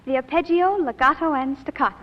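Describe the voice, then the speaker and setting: A woman's voice: high-pitched, fast, slight background noise, natural voice. An actress playing an eager, affectionate young woman singer in a 1940s radio drama. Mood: earnest. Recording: muffled 1940s radio recording with music.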